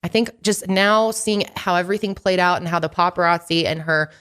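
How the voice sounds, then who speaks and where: A woman's voice: on the low side, brisk, a bit bright, smooth. Indignant woman chatting on a podcast. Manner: emphatic, indignant, swears freely. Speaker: podcast co-host. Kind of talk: casual podcast chat.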